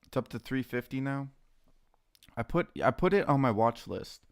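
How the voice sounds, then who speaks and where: A young man casually chatting on a live stream while trading stocks, excitable and slangy, greeting viewers by name. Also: medium pitch, moderate pace, clean tone. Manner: excitable, talks to chat and his dogs, says dude a lot.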